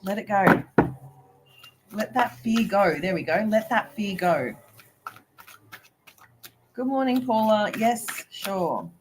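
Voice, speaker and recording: A woman's voice: medium pitch, animated, takes it slowly, pauses often, background noise. A woman who is a spiritual business coach, giving a live video reading in an emphatic, preachy way. She keeps asking "right?", giggles often and swears now and then.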